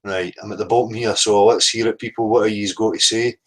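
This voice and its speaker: A man's voice: lowish voice, steady tone, a little fast, low-quality recording. A man hosting a casual livestream, blunt and sweary, greeting chat viewers by name. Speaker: livestream host.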